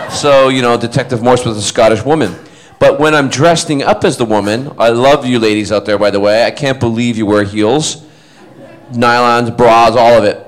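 A man's voice: medium pitch, a little fast. A middle-aged man on stage at a fan panel, telling funny stories and acting out the quotes as he goes. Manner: animated storyteller who acts out quotes. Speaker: convention panel guest. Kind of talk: casual anecdote telling on stage.

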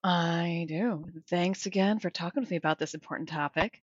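A woman's voice: fairly low pitch, moderate pace, husky, dry recording, muffled recording. A woman from Minnesota, a researcher guest on a podcast, chatting in a playful way. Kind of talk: casual podcast chat.

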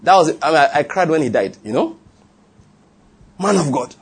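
A man with a Nigerian accent, preaching a sermon and telling stories, animated and laughing, with call-and-response. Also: on the high side, moderate pace, slightly rough. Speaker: pastor. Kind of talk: sermon with storytelling.

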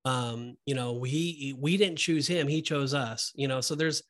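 A man's voice: medium pitch, measured pace. Earnest man discussing scripture. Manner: earnest, preachy, with many fillers and restarts. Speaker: podcast co-host. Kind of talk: casual Bible discussion.

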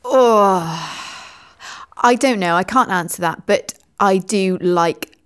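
A woman co-hosting a podcast in casual chat, enthusiastic and a little halting, with small laughs between her words. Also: medium pitch, clear, resonant tone. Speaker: podcast co-host.

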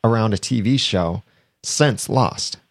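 A man's voice: lowish voice, takes it slowly, dry recording, clean studio sound. A man hosting a podcast in a chatty, casual way, reading sponsor plugs and laughing often. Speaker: podcast host.

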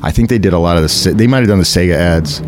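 A man, an actor, telling a story from an audition in a casual chat, animated and quick to laugh, slipping into the voices of the people he quotes. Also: low voice, slight background noise.

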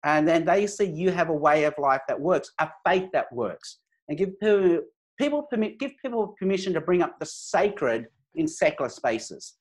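A man with a voice pitched a little higher than most, speaking as an interview guest. He tells stories fluently and drops into quoted dialogue to act out the people in them. The delivery is conversational rather than preached. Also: normal speed. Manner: articulate, animated anecdotes with acted-out quotes. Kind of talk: conversational storytelling.

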